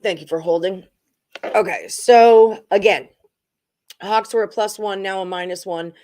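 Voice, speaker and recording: Speaking a little slowly in a slightly mellow, mid-range voice, a woman hosts a relaxed sports betting stream. She goes over odds and percentages and trades chat with viewers about betting picks.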